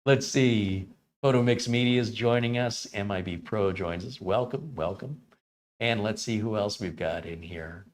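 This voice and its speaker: American male streamer, lowish voice, casual live tech demo host. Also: unhurried, a little hiss or hum. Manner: relaxed, chatty, reads chat names aloud. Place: home studio.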